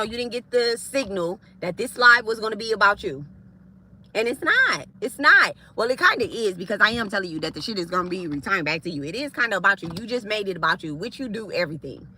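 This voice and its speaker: A woman's voice: on the high side, sharp tone. A woman spiritualist ranting to her viewers on a livestream, heated, confrontational and profane. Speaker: spiritualist live streamer.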